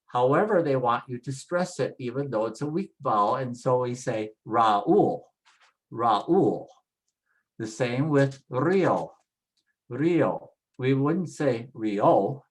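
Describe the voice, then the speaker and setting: A man's voice: medium pitch, low-quality recording. A man teaching pronunciation rules in a patient lesson, saying each example word twice. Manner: slow, patient, repeats example words. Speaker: instructor.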